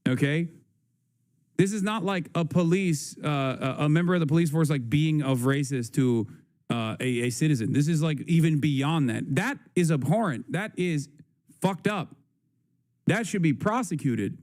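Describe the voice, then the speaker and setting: A man's voice: fairly high pitch, normal speed, a little mellow. A man hosting a livestream, talking in an emphatic, profane way and repeating his points. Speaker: livestream host. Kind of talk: casual livestream commentary.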